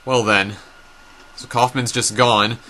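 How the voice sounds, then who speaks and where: A gameplay narrator works through a story game, reading its text and dialogue aloud, adding casual remarks, and often stumbling over names. His mid-range voice is flat and slow, with a bright, forceful tone.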